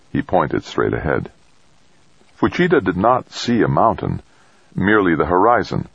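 A man narrating an audiobook in a measured, even storytelling manner. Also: low voice, gravelly, husky, no echo, lo-fi sound. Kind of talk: scripted narration.

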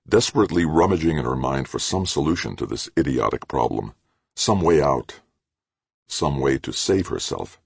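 A man narrating an audiobook in a measured, expressive way. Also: very deep voice, creaky, slightly rough, dry recording. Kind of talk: scripted narration.

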